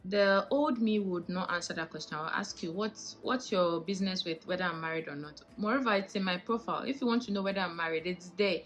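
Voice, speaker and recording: A young woman with a Ghanaian English accent talks straight to camera in a casual vlog, animated and indignant, firing off rhetorical questions. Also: on the low side, brisk, hardly any pauses, faint music behind, rough recording. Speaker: vlogger.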